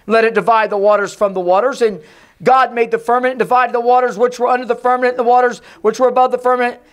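A pastor giving an emphatic sermon in a church, sometimes hushed and sometimes shouting, and calling on the congregation to repeat his words. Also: very high voice, fairly even intonation, fast, clear, resonant tone. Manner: leads the congregation in call and response. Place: church sanctuary.

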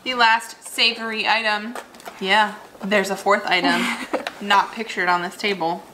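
A young woman co-hosting a food vlog, tasting fast food and chatting casually with dry, joking asides. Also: medium pitch, level tone, background noise. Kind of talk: casual food review chat.

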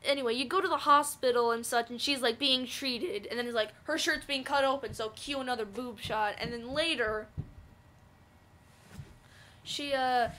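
Young girl vlogging, high bright voice, rambly and excitable. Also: normal speed. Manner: rambling, filler-heavy, excitable. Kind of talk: casual storytelling vlog.

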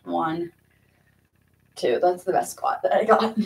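A woman's voice: lowish voice, expressive, slow pace, creaky, slight background noise. A young woman chatting casually to her viewers while she exercises, giggly and nervous, talking to herself and a little out of breath. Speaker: vlogger.

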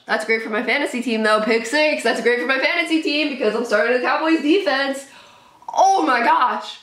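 A woman's voice: high-pitched, normal speed, a bit bright, roomy sound. A young woman hosting a live reaction to a football game, calling plays and shrieking at the big moments. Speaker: sports reaction host.

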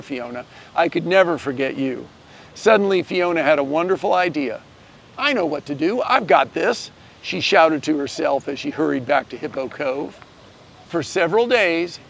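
A man reading a children's picture book aloud, gently telling the story and shifting his voice a little for each character. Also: on the high side, slight background noise. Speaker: storybook reader.

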